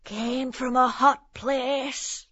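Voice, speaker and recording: Coarse young street women taunt in a shrill falsetto, as a man puts them on. The voice sits very high, bright and dry, with slow drawn-out words. The recording is dull and lo-fi. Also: flat delivery, no echo, heavily acted.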